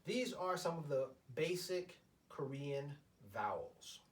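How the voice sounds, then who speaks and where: A man teaching a beginner lesson at a board, explaining slowly and haltingly with many fillers. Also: on the high side, expressive. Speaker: language teacher. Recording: voice from far off the mic.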